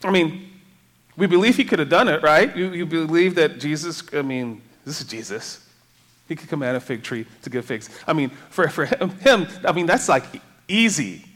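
A man's voice: a little high, expressive, normal speed, a bit bright. A man preaching a sermon in a conversational way, reading scripture and asking the congregation rhetorical questions.

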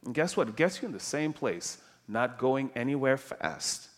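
A man preaching a sermon, emphatic and animated, dropping soft and then rising loud. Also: medium pitch, normal speed.

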